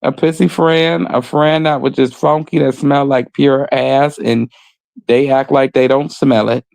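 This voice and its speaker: A man's voice: mid-range voice, fairly even intonation, a little slow, gravelly, darkish tone, no room sound. A man co-hosting a casual gossip stream, blunt and joking, reading viewer comments and talking in street slang. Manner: reads viewer comments aloud. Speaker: podcast co-host.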